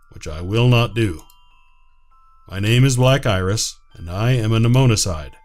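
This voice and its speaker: A man's voice: fairly low pitch, darkish tone, lightly acted. A man voicing a cold, aloof man in a visual novel who speaks curtly and formally. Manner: curt, formal, dismissive. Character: cold, aloof male mnemonicide, grudging and stern.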